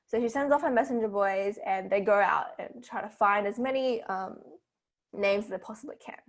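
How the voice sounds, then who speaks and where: A woman's voice: medium pitch, normal speed. A woman tutor with an Australian accent, casually retelling a fairy tale in a seminar, with lots of fillers and rhetorical "right?" tags.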